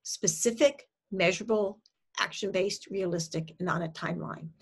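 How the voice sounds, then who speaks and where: A woman dietitian giving a presentation, explaining her method step by step in a measured way with frequent ums. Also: mid-range voice, breathy edge. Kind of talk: presentation to an audience.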